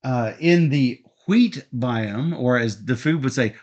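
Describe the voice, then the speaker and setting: A man's voice: mid-range voice, slow pace, lo-fi sound. A man explaining the rules of a board game step by step, in a methodical way with frequent ums and uhs. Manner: steady, methodical, frequent fillers.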